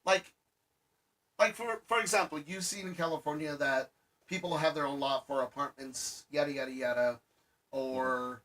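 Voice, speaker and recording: A man from Arizona, co-hosting a podcast in casual chat, explaining haltingly and restarting his sentences often. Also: fairly high pitch, fairly even intonation, fairly bright tone, low-quality recording. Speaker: podcast co-host.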